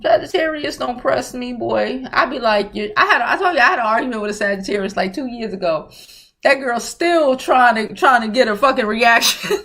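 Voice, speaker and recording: A woman's voice: on the high side, lively intonation, normal speed, a bit bright. A woman hosting a casual livestream, talking bluntly and profanely and often laughing as she answers viewer comments. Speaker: livestream host.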